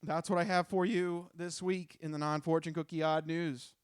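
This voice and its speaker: A man's voice: on the high side, flat delivery, moderate pace, clear, resonant tone, no room sound, clean studio sound. A man co-hosting a podcast in casual chat, joking, laughing often and trailing into restarts. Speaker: podcast co-host.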